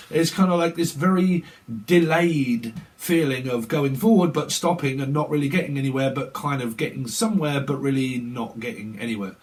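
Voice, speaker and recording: A man's voice: medium pitch, moderate pace. A man giving a chatty, rambling tarot reading with casual swearing. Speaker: tarot reader.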